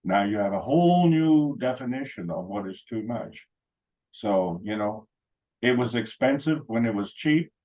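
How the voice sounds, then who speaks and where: A man's voice: medium pitch, expressive, measured pace, mellow, dull audio. A man telling rambling, anecdotal stories at a meeting, with many fillers and restarts. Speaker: meeting speaker. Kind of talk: casual talk.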